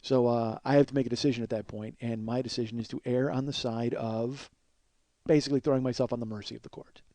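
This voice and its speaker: A man's voice: medium pitch, fairly even intonation, fast, mellow, dry recording. A man in his forties hosting a comedy podcast, telling a rambling, profane, self-deprecating story. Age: 40s. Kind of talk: storytelling monologue.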